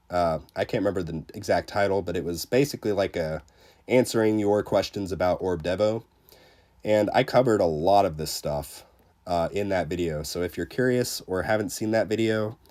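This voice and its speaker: A man with a cold, sounding congested as he chats casually on a game livestream and reads viewer comments in a relaxed, rambling way. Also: low-pitched. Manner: relaxed, rambling, lots of fillers. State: sick, under the weather. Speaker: game streamer reading chat.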